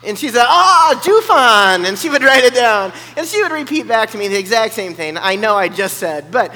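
A man telling a personal story in an animated way, acting out the voices of the people in it. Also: sits high, fairly quick. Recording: long hall reverb.

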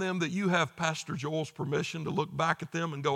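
A male pastor giving a conversational sermon, joking and then rising into emphatic, forceful bursts. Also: a little high, a little fast, creaky, hardly any pauses.

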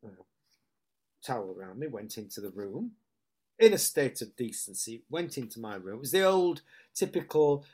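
A man from Hull with a northern English accent, an actor telling stories in a relaxed interview, full of restarts and quick impressions of other people. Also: mid-range voice. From Hull, England. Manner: chatty storyteller who breaks into lively impressions, with many restarts. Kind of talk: casual anecdotal chat.

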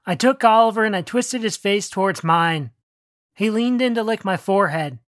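Brief: earnest audiobook narrator, first-person fiction, mid pitch, very dry close recording. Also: normal speed, fairly bright tone, no room sound. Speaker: narrator reading own story.

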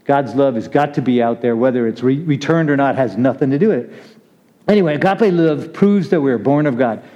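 A preacher with a warm, mid-range voice talks fairly quickly through a casual, conversational sermon. He's chatty, laughs, and calls on listeners by name, all captured in a muffled lo-fi recording.

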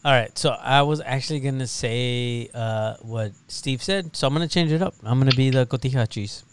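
A man's voice: mid-range voice, normal speed, noisy background. A man co-hosting a casual podcast, joking and teasing his friends. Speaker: podcast co-host.

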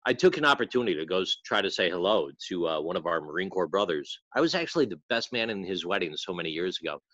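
A man's voice: deep voice, sing-song, fast, bright, forceful tone, no room sound, highs cut off. A man co-hosting a podcast from a hotel room, talking in a laid-back, rambling way with restarts. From North Carolina. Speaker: podcast co-host. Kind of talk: casual chat.

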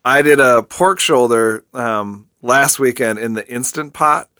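An easygoing man co-hosting a podcast in casual chat, pitched right in the middle for a man. His voice is recorded close and dry, with no room sound. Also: a little slow, pushed and bright, no echo. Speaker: podcast co-host.

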